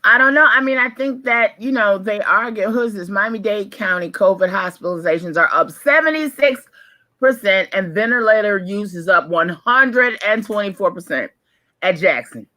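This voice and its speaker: A woman's voice: mid-range voice, moderate pace, no room sound. A woman co-hosting a morning radio show, chatting casually with strong opinions and frequent laughs. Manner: lively, opinionated, laughs often.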